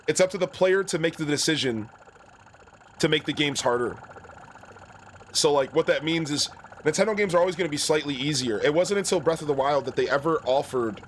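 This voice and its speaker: A man's voice: a little high, a little hiss or hum. A young man streaming a video game, chatting in a rambling, casual way and greeting viewers. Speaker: gaming streamer. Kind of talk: let's play commentary.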